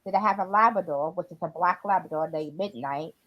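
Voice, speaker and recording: A woman co-hosting a livestream chats casually, rambling a bit with fillers as she tells stories about dogs. Her voice sits on the low side and she talks a little fast. The dull, lo-fi audio carries background noise.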